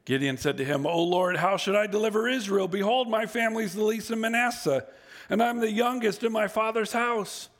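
A man preaching a sermon, reading scripture aloud and acting out the speakers, moving from low, quiet reading to loud, high emphasis. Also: fairly quick. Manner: acts out voices in scripture and paraphrase.

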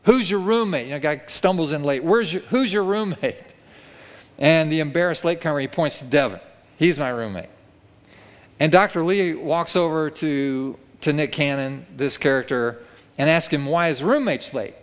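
A male pastor preaching in a sanctuary with a long ringing reverb, his voice sitting a little higher than most men's. He tells a story with energy and acts out the lines he quotes. The sound is a live sermon, not a studio read. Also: normal speed, smooth. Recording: long reverb of a church hall.

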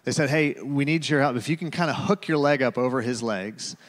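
A male pastor giving a sermon, telling a personal story in a conversational way with fillers and dropping to a hush for quotes. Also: mid-range voice, a little fast. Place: large church auditorium. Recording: reverberant hall.

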